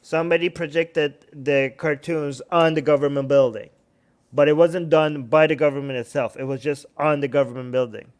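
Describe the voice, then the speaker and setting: A man hosting a live stream, giving heated, sarcastic commentary and yelling in bursts into a handheld microphone. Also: fairly high pitch, fairly even intonation, moderate pace. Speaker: livestream host.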